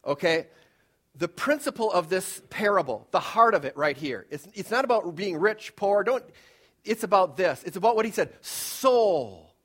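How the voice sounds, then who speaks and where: Male pastor, sermon, conversational and emphatic, slightly high voice. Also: expressive, moderate pace, breathy edge. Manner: conversational, emphatic preaching with swings from loud to hushed.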